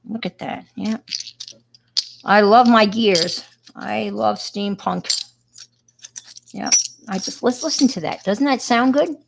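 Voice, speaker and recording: A woman's voice: mid-range voice, vocal fry, noisy background. A middle-aged woman with a New York accent, chatting casually with viewers on a crafting livestream and greeting them by name.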